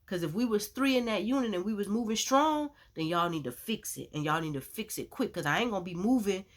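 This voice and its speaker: A woman sharing a personal faith testimony as a vlogger, in a chatty, animated storytelling way with lots of "you know.". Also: medium pitch, brisk. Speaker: Christian vlogger.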